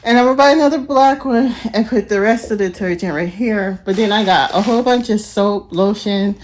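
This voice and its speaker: A woman's voice: mid-range voice, brisk, a little mellow. A young woman, narrating a casual home vlog, chatty, laughing often and talking to her viewers. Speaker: family vlogger.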